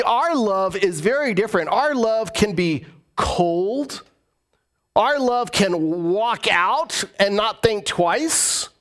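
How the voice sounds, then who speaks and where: Male pastor, sermon, high-pitched, emphatic, repeats lines for stress. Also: fairly bright tone.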